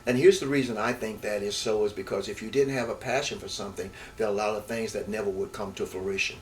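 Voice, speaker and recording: A fast talker with a fairly low pitch, this older former baseball player from Houston, Texas shares memories in an interview. His stories ramble, full of repeats and restarts, and he gets animated recalling them. A distant microphone captures him over faint background noise.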